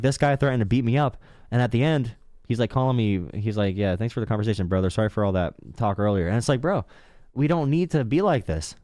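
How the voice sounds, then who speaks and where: Young male call-in host, quick and loose delivery, fillers everywhere. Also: fairly low pitch, a little mellow, no room sound, clean studio sound. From Appalachian coal region, USA. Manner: rapid, lots of fillers and restarts. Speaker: political talk show host. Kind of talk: live call-in political talk.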